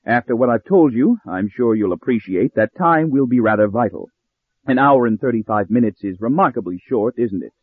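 An older man voices a smug, pompous, scheming professor who makes threats with cool politeness. His voice is medium-pitched, husky and animated at a moderate pace, and the dry recording has a narrow, phone-like sound.

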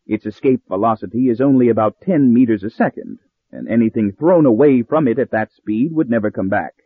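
A man's voice: medium pitch, fairly quick, dry recording, natural voice. A man reading the part of a smug, pompous older professor who threatens with cool politeness, recorded with narrow phone-like sound. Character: smug scheming male professor, older, coolly menacing.

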